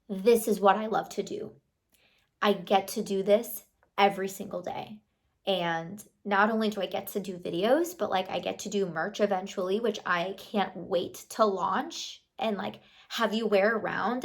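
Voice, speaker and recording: A woman's voice: mid-range voice, creaky. A woman in her thirties vlogging to camera in a casual, motivational chat, chatty and affirming, full of "like" and "you know".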